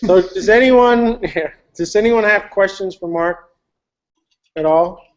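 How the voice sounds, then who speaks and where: A man's voice: high-pitched, slow, highs cut off. Man hosting a talk, joking with the speaker. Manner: friendly teasing banter. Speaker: event host.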